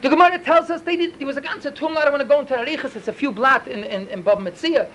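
Fast, high-voiced man teaching Talmud. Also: a little hiss or hum, rough recording. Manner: animated, rapid storytelling peppered with Yiddish and Hebrew terms. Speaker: Torah teacher. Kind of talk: Talmud lesson storytelling.

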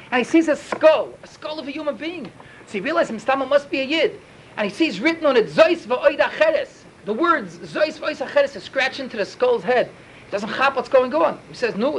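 Fast, high-voiced man teaching Talmud. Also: a little hiss or hum, poor audio. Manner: animated, rapid storytelling peppered with Yiddish and Hebrew terms. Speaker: Torah teacher. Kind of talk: Talmud lesson storytelling.

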